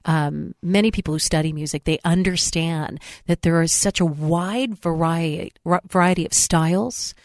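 A woman interviews a musician in a measured, thoughtful way. Her voice sits on the low side, and the sound is close and dry with no room echo. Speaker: interviewer host. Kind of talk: conversational interview.

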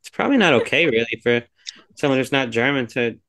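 A man's voice: medium pitch, animated, quick pace, fairly bright tone. A man co-hosting a podcast in casual chat, rambling and hedging with lots of fillers as he gives his views. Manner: rambling, hedging, heavy on fillers like "like" and "you know". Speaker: podcast co-host reviewing a film.

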